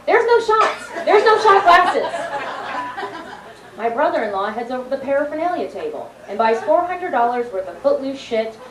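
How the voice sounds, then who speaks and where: A woman's voice: high-pitched, very animated, normal speed, a crowd in the background. A young woman telling brash stories with punchlines in a stand-up comedy set on a club stage. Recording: roomy distant club recording. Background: audience laughter and room noise.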